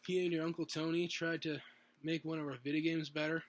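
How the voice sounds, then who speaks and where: Laid-back male buddy, casual and friendly, fairly high voice, read by a man. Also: flat delivery, brisk, background noise, lightly acted.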